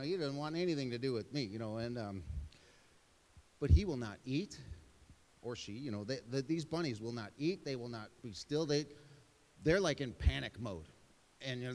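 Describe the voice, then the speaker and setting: A man's voice: fairly high pitch, darkish tone, big-room sound. A middle-aged man preaching a sermon as pastor, telling stories with self-deprecating asides.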